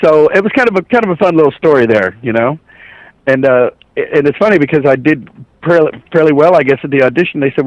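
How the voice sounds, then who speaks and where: Middle-aged man telling animated stories. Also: on the high side, fairly quick, no echo, muffled recording. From Ohio, USA. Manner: animated anecdotes, acts out quoted voices. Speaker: voice actor, guest. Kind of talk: casual storytelling interview.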